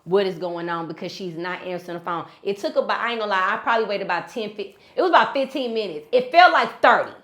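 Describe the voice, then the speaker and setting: A woman hosting a casual podcast, telling a story in an animated, slangy, emphatic way. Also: mid-range voice, fast, few pauses. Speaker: podcast host.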